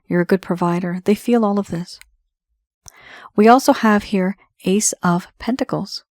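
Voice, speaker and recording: A woman's voice: medium pitch, darkish tone, no echo, clean studio sound. A woman giving a tarot reading, talking straight to the viewer in a conversational, reassuring way. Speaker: tarot reader.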